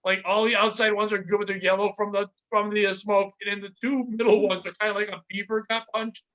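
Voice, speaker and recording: A man's voice: quick pace, poor audio. A podcast host telling a work story in casual chat, acting out the other people's lines as he goes. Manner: animated storyteller, acts out quotes with pitch jumps.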